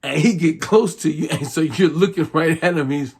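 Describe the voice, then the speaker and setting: A middle-aged man talking casually and at length to his son in a rambling, unhurried monologue. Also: a little high, a little mellow.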